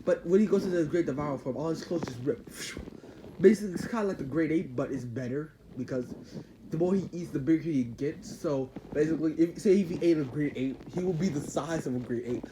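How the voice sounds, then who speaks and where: A man's voice: fairly high pitch, fast talker. Man, casual story retelling, rambling with sound effects, faint background noise. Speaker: channel host.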